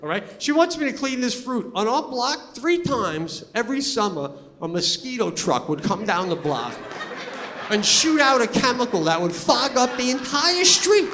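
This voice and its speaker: A middle-aged male comedian works a live stage. His voice sits high and sounds bright and sharp. He tells stories with animated energy and breaks into loud shouts, with faint ambience behind him. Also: normal speed, in a large hall, slight background noise. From Long Island, New York. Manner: animated storytelling, bursts into loud shouting for punchlines. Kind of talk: stand-up comedy set. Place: stage before a live audience.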